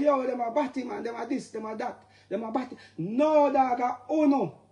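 Jamaican male musician, high-pitched, heated preachy monologue with sudden shouts. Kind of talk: impassioned straight-to-camera rant.

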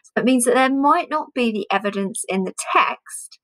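A woman teacher explaining a reading comprehension task to primary pupils, chatty with pauses and fillers. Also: a little high, expressive, a bit bright, rough recording. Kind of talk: home learning reading lesson.

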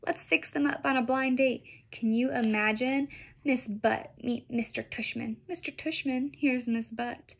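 A woman's voice: sits high, fairly even intonation, unhurried, gravelly, full character voice. A woman reading aloud, voicing a loving father who teases and jokes playfully. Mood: joking. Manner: playful, teasing. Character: jokey, loving father of a young boy.

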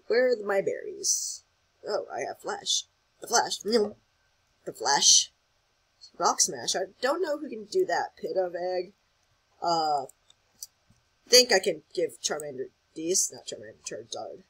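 A host giving casual gameplay commentary, excitable and rambling, thinking aloud as they play. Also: medium pitch, unhurried, long pauses, slightly rough, rough recording. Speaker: gaming channel host.

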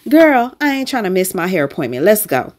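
A woman's voice: mid-range voice, sing-song, fairly quick, darkish tone, voice pushed up, close to an everyday voice. A woman voicing sassy female wine glasses who banter in slang as they get ready to travel. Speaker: glass artist.

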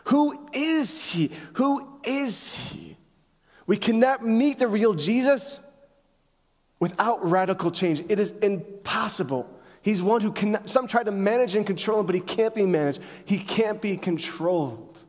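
A male pastor preaching a sermon to a congregation, driving points home with rhetorical questions and emphatic pauses. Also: sits high, darkish tone. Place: church sanctuary. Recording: long hall reverb.

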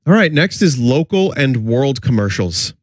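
A man's voice: mid-range voice, sing-song, a little slow, dry recording. A man from the New York area reacts to a run of old commercials, cracking wry jokes and laughing at them. His voice sits in a middle register and the sound is dry and close. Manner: wry, mocking, laughs often. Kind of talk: casual chat with jokes.

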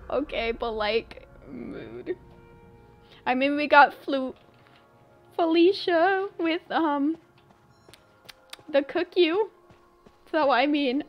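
A woman's voice: sits high, lo-fi sound. A young woman streaming a game, chatting playfully with her viewers, giggling and humming made-up tunes. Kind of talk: casual live-stream chatter while gaming. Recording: faint game music behind.

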